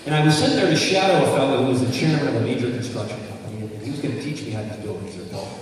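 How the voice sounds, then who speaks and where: A motivational speaker races along in a mid-range voice, telling stories and firing questions at the audience. The audio is noisy and distant, with the echo of a large hall.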